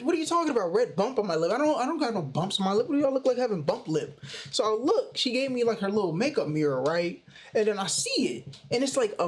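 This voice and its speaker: A young man casually telling a personal story in a slangy, animated way. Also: extremely high pitch. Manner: slangy, animated retelling with "bro" and "you know". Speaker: storytime vlogger.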